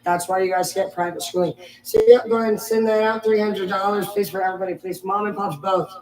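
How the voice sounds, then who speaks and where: A woman voicing a scheming school administrator who makes a slow, fake-sweet announcement over the intercom. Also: mid-range voice, fairly even intonation, close to an everyday voice. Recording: echoey room, voice from a distance.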